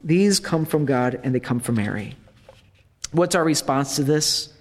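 A man preaching at a retreat in a conversational manner, with warm humor in his asides. His voice sits a little high for a man. The sound carries a long reverb, as in a large hall. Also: lively intonation, a little slow. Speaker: priest. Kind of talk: retreat talk.

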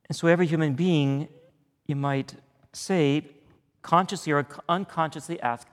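A man leading a weekend retreat as a priest, praying and preaching in a deliberate, earnest way. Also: on the high side. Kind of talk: retreat talk and prayer. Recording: echoey hall.

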